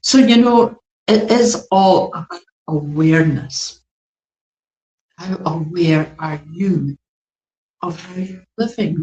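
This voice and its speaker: A woman giving a gentle, meandering spiritual talk to an online group as its teacher, with many fillers. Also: lowish voice, slow pace, long pauses, reverberant, poor audio.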